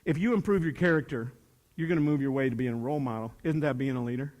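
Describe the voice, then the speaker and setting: A man's voice: mid-range voice, fast talker, a little mellow. Emphatic older man in a reverberant hall. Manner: emphatic, joking, preacher-like repetition. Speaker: motivational speaker. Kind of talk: speech to a youth leadership audience.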